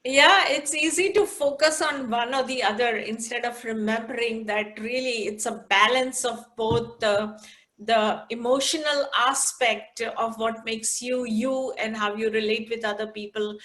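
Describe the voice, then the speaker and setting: Slow-spoken woman in a thoughtful interview. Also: on the high side, fairly bright tone. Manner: thoughtful, with hesitant fillers. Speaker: interview guest. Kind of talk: conversational interview with poetry reading.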